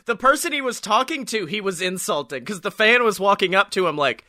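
A man hosts a casual podcast, telling animated stories and laughing along the way. His voice is high and very bright, recorded dry and close. He talks in a loose, chatty way. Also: fairly quick, no room sound. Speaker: podcast host. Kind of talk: casual chat.

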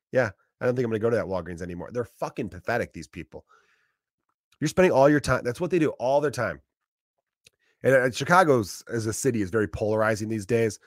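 A man's voice: mid-range voice, dry recording, clean studio sound. A man in his thirties with a profane, rambling style in a casual comedic monologue.

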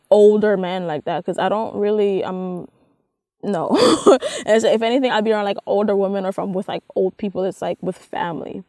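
A woman's voice: mid-range voice, a little mellow, no room sound. A young woman co-hosting a podcast, talking bluntly and profanely in casual chat, laughing often. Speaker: podcast co-host.

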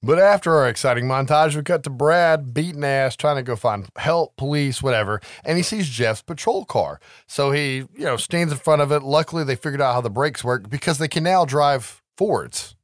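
Animated man recapping a movie on a podcast. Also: mid-range voice, moderate pace, few pauses, dry recording, clean studio sound. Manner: animated storyteller, acts out quotes, swears, laughs often. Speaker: podcast co-host. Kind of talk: casual movie recap chat.

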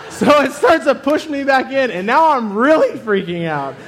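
A man's voice: very high-pitched, sing-song, moderate pace, fairly bright tone, roomy sound, a faint crowd. A young man preaching, telling a funny personal story with lots of laughter before turning it to a lesson. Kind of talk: sermon with comic personal story.

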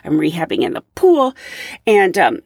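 A woman tells her own stories in a loose, chatty way, her pitch rising and falling a lot. The sound is dry and close, with no room in it. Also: normal speed, gravelly, breathy edge, dry recording. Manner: lively, chatty, laughs while telling stories. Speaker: podcast host. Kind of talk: casual storytelling.

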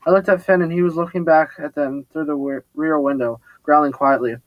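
Male storyteller reading in first person, slightly high voice, dry close sound, small stumbles. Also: steady tone, a little fast, no echo, muffled recording. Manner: plain reading with small slips and restarts. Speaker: audiobook narrator.

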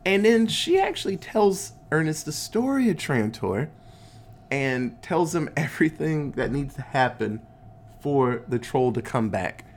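A man's voice: mid-range voice, animated, unhurried, darkish tone, slight background noise. Chill guy recapping a movie, swears constantly, voice bounces up and down a lot. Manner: laid-back, swears a lot, acts out quotes in goofy voices. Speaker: podcast host recapping a movie. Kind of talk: casual profane movie recap.

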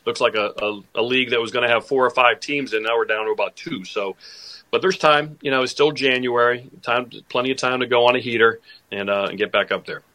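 A man's voice: medium pitch, brisk, bright, forceful tone. A man who is a guest on a sports podcast, talking casually and rambling, with lots of fillers and restarts. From Boston area family.

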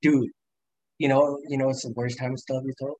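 Fairly quick and level in tone, a young man with a medium, dark-toned voice guests on a podcast, rambling through stories laced with swearing and frequent laughter. The recording is dry and low in quality.

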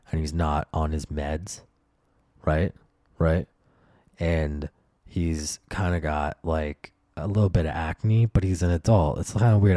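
A man's voice: low voice, warm tone, no room sound, studio quality. A young man hosting a podcast, telling a comedic story as a profane, exasperated rant and acting out the voices of the people in it. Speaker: podcast host. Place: at home.

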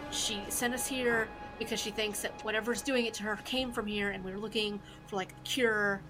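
A woman's voice: medium pitch, fairly even intonation, moderate pace, music in the background, close to an everyday voice, rough recording. A woman voicing a frantic young male elf thief who babbles and swears, pleading that it was not his idea. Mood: panicky.

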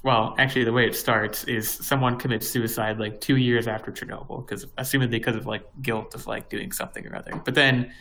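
A young podcast co-host chats casually, rambling with plenty of fillers and restarts. His medium-pitched voice barely moves in pitch, and he talks briskly with few pauses, vocal fry, and a bright, forceful tone. The recording is low quality.

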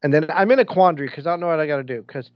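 A man's voice: fairly high pitch, rapid-fire, dry recording, lo-fi sound. A man co-hosting a podcast, rambling through movie recaps in casual chat and laughing as he goes. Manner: rambling, restarts, laughs while telling stories. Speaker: podcast co-host.

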